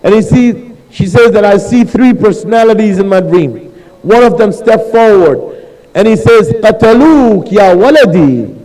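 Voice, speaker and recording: Male preacher, high dark-toned voice, storytelling sermon. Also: normal speed, long reverb tail, low-quality recording. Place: mosque hall.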